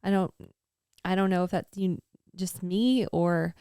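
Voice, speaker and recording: A woman in her thirties talks candidly on a faith podcast, earnest and rambling, full of fillers. Her voice has a gravelly, fry-laced texture. The sound is dry and close. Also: on the low side, fairly even intonation, a little slow, warm tone, dry recording. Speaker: podcast co-host.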